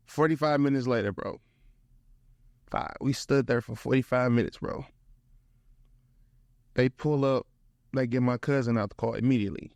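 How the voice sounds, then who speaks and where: A young adult guest from St. Louis, a motivational speaker, recounts a casual story in a lively, slang-heavy style, sprinkling in "bro." His medium-pitched voice has vocal fry, moves at normal speed, and pauses often; the sound is close and dry, echo-free.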